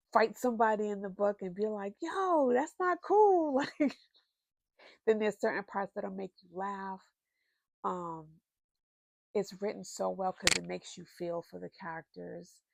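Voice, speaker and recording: Gravelly, unhurried woman chatting about books. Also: fairly low pitch, dry recording. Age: adult, married. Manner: chatty, expressive, lots of fillers. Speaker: book vlogger. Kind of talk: casual book recommendations.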